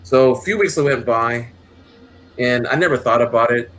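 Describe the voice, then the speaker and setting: A man's voice: medium pitch, normal speed, a bit bright. A man casually telling a long, rambling story, with many restarts and acted quotes. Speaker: channel host.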